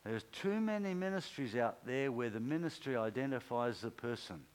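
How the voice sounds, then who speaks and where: A man's voice: expressive, moderate pace, smooth, poor audio. Man preaching a conversational sermon. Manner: conversational, acts out quoted speech with pitch swings. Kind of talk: informal sermon.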